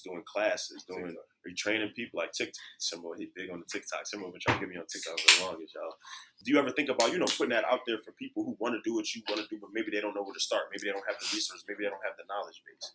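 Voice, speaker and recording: A man's voice: lowish voice, noisy background. A man hosting a live podcast in front of an audience, talking casually and animatedly in slang. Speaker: podcast host.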